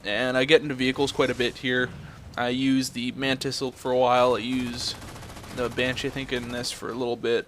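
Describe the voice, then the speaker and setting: A man's voice: medium pitch, flat delivery, a little fast, few pauses, fairly bright tone, a little hiss or hum. A young man ranting in a blunt, profane way, telling a story and then commenting on his game footage. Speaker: gameplay commentator.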